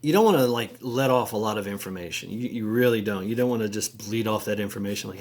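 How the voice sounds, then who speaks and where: Rambling low-voiced man vlogging. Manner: halting, many repeated words and fillers; crude, slangy asides. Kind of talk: rambling casual talk to camera.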